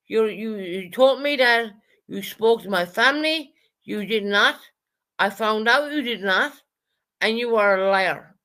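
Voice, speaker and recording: Angry and heated, a woman rants on a livestream, swearing heavily, repeating herself, and calling out chat viewers by name. Her mid-range voice is animated, a little slow, and comes across pushed and bright.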